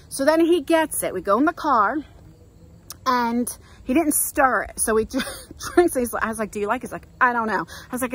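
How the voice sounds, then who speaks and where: Chatty husky-voiced New Jersey woman. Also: on the high side, fairly quick, poor audio. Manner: chatty, animated storytelling, acts out quoted voices. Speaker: vlogger. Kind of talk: walk-and-talk storytime. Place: outdoors, walking.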